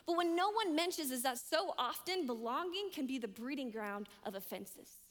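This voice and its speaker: A woman's voice: sits high, animated, moderate pace. Young adult director, woman; emphatic sermon delivery with long hall reverb. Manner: emphatic, repeats key lines, swings between loud and hushed.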